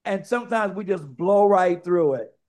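A male pastor preaching a sermon, telling a story in a lively way and speaking straight to the congregation. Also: sits high, normal speed.

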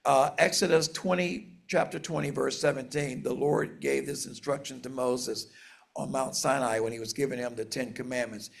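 A man preaching a sermon, reading scripture aloud and explaining it in an earnest, measured way, slowing down for emphasis. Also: mid-range voice, fairly even intonation, creaky. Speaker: pastor.

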